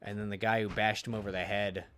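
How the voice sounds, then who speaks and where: A man's voice: on the low side, level tone, fast talker, fairly bright tone, a little hiss or hum. A man streaming a game and chatting casually, retelling a story in a rambling, profane way full of restarts. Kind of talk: casual chat while gaming.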